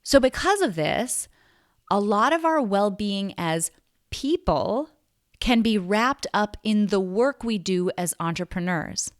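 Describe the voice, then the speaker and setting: A woman's voice: medium pitch, expressive, takes it slowly, dry recording, clean studio sound. A woman hosting a solo podcast, talking in an earnest, reflective way with emphatic stresses. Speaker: podcast host.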